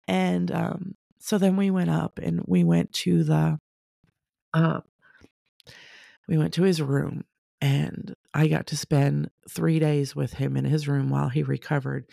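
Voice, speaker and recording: A woman telling a personal story casually, animated, acting out the people she quotes. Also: low voice, a little slow, gravelly, no echo, studio quality. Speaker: storyteller sharing a personal testimony.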